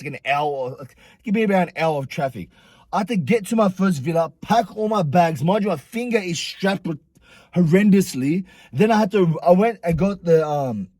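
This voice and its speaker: Young man, vlogger, husky tone, higher voice, animated profane storytelling. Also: no echo. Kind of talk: storytime vlog.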